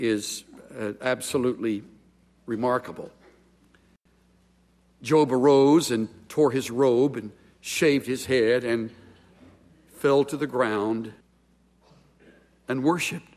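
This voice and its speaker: Slow-speaking preacher in a reverberant hall. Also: male voice, medium pitch. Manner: measured, emphatic pulpit delivery. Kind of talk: sermon.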